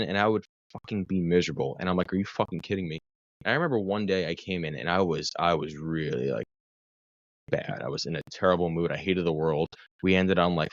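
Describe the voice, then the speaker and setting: A podcast guest who works as a mental health clinician for first responders tells a long personal story in casual chat, swearing freely, rambling and correcting himself as he goes. His voice sits low, and the recording is dry and muffled.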